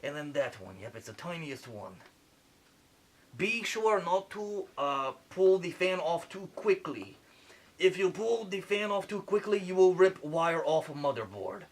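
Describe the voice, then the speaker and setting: In a joking home repair video, a man puts on a French accent to play a mock surgeon fixing a computer. His voice is a little high and very animated at a measured pace, and his step-by-step instructions are fussy and playful.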